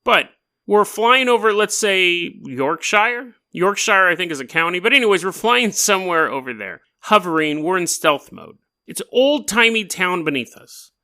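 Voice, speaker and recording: Male podcast host, casual joking storyteller, bright and very lively delivery. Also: sits high, normal speed. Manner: animated, joking and rambling.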